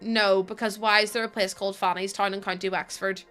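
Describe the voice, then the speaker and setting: A young woman, streaming a game and chatting casually with her viewers, teasing and quick to laugh. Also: mid-range voice, little pitch movement, fairly bright tone, soft background music. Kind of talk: casual live-stream chat while gaming.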